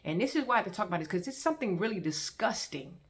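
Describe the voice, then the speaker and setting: A woman telling her personal story as testimony, in an animated, repetitive storytelling manner. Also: mid-range voice, racing. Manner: animated storytelling with repeated phrases and acted-out quotes. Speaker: testimony vlogger.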